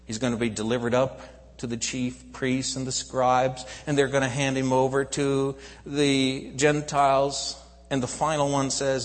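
A man preaches a sermon in a church, retelling stories with animated shifts from booming to hushed. His voice sits in a middle register. A long hall reverb hangs on his words. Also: unhurried. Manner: animated storytelling, swinging from loud to hushed. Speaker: pastor.

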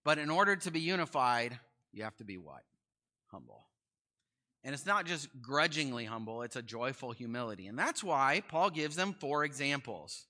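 Animated, bright-voiced male Bible teacher. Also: medium pitch, normal speed. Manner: animated, conversational, asks the listeners questions.

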